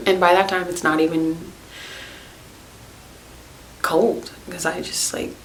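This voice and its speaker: Host: young woman, lowish voice, chatty and filler-heavy, roomy sound with light hiss. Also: level tone, takes it slowly. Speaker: naturopathic podcast host. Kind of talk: casual storytelling monologue.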